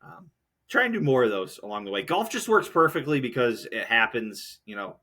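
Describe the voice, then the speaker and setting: A man's voice: mid-range voice, very animated, brisk, bright, forceful tone. A young man hosting a solo podcast, ranting in a heated, profane, rambling way. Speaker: podcast host.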